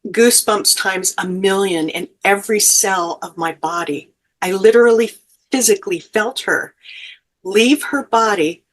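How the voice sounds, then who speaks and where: A middle-aged woman with a slightly low voice, speaking as an interview guest. She tells a heartfelt personal story in an earnest, emotional way, with gentle fillers between her thoughts. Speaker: guest, grief educator and life coach.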